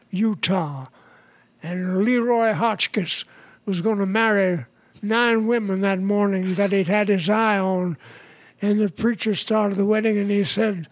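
A man in his nineties from New York, a guest comedian telling stories in a halting way, with restarts and chuckles. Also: high-pitched. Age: 90s. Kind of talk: casual storytelling interview.

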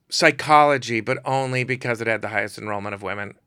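A middle-aged man spins funny anecdotes on a podcast, jumping into the voices of the people in his stories. His voice has a gravelly, rough edge with a bright, forward tone. The sound is close and dry. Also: mid-range voice, brisk, dry recording. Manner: animated storyteller acting out quoted voices. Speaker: photographer guest. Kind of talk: comic storytelling.

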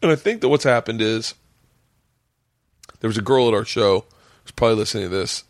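A man's voice: on the low side, a little fast, dry recording. Male podcast host, casual chat, rambling storyteller, lots of swearing, dry close sound.

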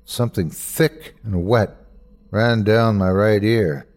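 A man hosting and narrating a dramatic horror story in an expressive, measured way that builds suspense. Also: on the low side. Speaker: host and narrator.

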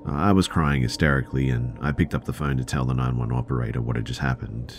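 A man reading a true scary story aloud in first person as a podcast narrator, at a steady, plain pace. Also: rumbling low, quick pace, a little hiss or hum.

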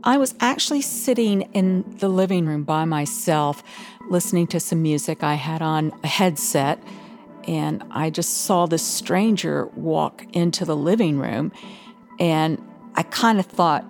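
A woman calmly and haltingly remembers a scary moment from her past. Her voice sits very low. Faint music plays beneath her. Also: vocal fry. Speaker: interviewee. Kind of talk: personal story told to an interviewer.

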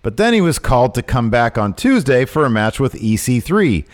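A man co-hosting a casual wrestling news podcast, talking with animated and outraged emphasis. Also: mid-range voice, moderate pace. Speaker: podcast co-host.

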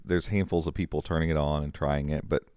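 A man co-hosting a casual tech podcast, rambling and animated, full of restarts. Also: a bass voice, quick pace, clear, resonant tone, no echo, studio quality. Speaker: podcast co-host.

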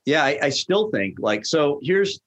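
Animated man telling a story. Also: a little high, measured pace. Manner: animated storyteller acting out quoted dialogue. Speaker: guest, restaurant founder. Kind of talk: casual storytelling chat.

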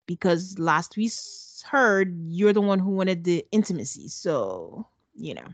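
A woman co-hosting a podcast, recapping a reality show in a sarcastic, animated, chatty way. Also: lowish voice, measured pace, no echo. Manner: sarcastic, animated storytelling with acted quotes. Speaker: podcast co-host. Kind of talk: casual recap chat.

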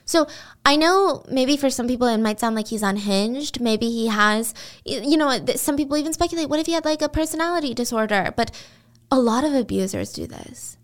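A woman hosting a podcast, telling a true-crime story in casual, animated storytelling and acting out the people in it. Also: high voice, a little fast. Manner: animated, expressive, acts out quotes. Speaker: podcast host.

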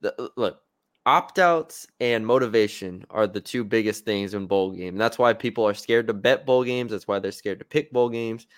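A man's voice: fairly low pitch, moderate pace, dry recording. A man co-hosting a sports podcast, talking casually and hedging with fillers and restarts.

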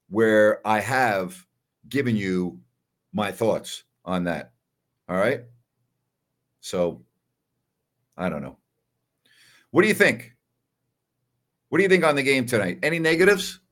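Emphatic man hosting a postgame show. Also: mid-range voice. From New York. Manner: emphatic, repeats "all right" a lot. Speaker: host of a basketball postgame show. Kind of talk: casual solo livestream commentary.

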